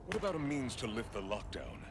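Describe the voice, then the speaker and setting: Cast a gravelly warrior hero in a game, low with wide swings, over game noise. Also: male voice, huge pitch swings, quick pace. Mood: gruff. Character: gruff, formal male warrior hero. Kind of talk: video game voice acting. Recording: game audio with background noise.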